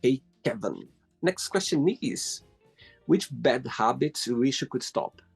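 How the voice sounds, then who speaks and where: A man's voice: medium pitch, animated, measured pace, gravelly, husky, no room sound, faint music behind. A man from Brazil hosting an interview show, friendly and teasing as he asks questions. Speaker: host. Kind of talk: casual interview chat.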